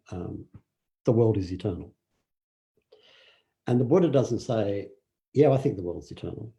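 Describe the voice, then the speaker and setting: Gravelly, dark-voiced older male teacher. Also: on the low side. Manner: relaxed storytelling with fillers and acted quotes. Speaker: meditation teacher. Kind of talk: dharma talk.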